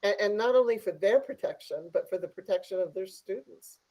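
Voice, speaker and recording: A district leader talks at a virtual board meeting over a video call. The delivery is measured and halting, with many fillers, in a voice of middling pitch. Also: a little mellow, poor audio.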